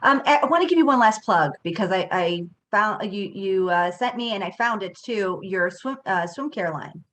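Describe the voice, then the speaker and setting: A woman's voice: mid-range voice, expressive, moderate pace, a bit bright. Woman host chiming in, short questions, bit of faint noise behind. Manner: supportive interjections and short questions. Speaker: show host. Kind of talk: casual interview chat.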